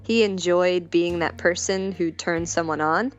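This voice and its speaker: A woman's voice: on the low side, fairly even intonation, unhurried, highs cut off, soft background music. A woman talking frankly and casually as a podcast guest, laughing often as she talks. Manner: frank, giggly, breaks into laughter. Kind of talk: candid casual chat.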